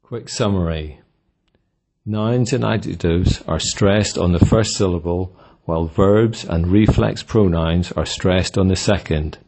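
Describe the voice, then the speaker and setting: A man narrating a scripted pronunciation lesson, reading example words one by one in a measured way. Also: low voice, a little mellow. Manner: measured, reads word lists one by one. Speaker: English pronunciation instructor.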